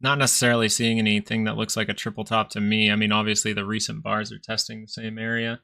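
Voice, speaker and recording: Bright-voiced man talking through charts. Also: on the low side, level tone, fast, creaky. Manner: casual, thinks aloud while reading charts. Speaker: stock market livestream host. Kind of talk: live chart analysis commentary.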